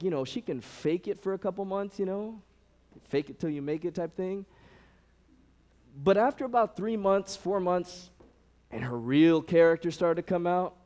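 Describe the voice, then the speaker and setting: High-voiced man telling a lively story. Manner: animated storytelling, acts out quoted people; conversational, frequent fillers. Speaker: youth ministry director. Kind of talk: sermon-style talk.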